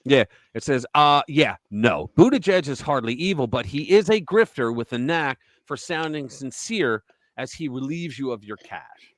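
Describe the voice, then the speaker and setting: A man's voice: mid-range voice, normal speed. A man hosting a live political commentary stream, talking casually with sarcastic, mocking asides. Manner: animated and sarcastic, mocking voices. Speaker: host.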